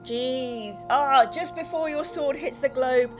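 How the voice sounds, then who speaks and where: A woman's voice: high voice, slow. A woman streamer reading a gamebook aloud to her live chat, playful and dramatic as she chats with viewers. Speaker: streamer and host. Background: music.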